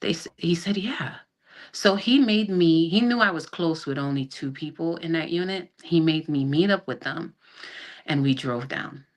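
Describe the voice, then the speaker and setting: A woman's voice: low voice, normal speed. A middle-aged woman, an army sergeant, telling her own story as a podcast guest, acting out what people said, with frequent restarts. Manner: animated retelling that acts out quoted dialogue, with frequent restarts. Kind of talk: personal storytelling in a podcast interview. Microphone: video call.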